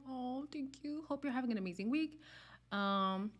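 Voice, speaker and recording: At a moderate pace and with a voice that sits high, a young woman runs a live reality-show chat stream. She's casual and candid with viewers and laughs often.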